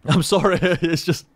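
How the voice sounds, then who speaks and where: A man's voice: sits high, dry recording. A man in casual rambling chat as a gaming commentator, chatty, laughing at himself and swearing freely.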